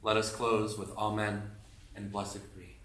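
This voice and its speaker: A man leading a worship service, calm and measured as he closes a moment of silence and introduces the next reader. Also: lowish voice, slight background noise. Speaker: worship leader. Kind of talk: closing a segment of a worship service. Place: congregation meeting room. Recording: echoey room with faint ambience.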